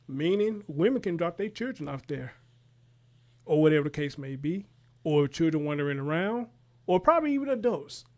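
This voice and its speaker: A man reacting to a news clip as host, talking in an animated, profane way and firing rhetorical questions. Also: a little high, moderate pace. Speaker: commentary show host.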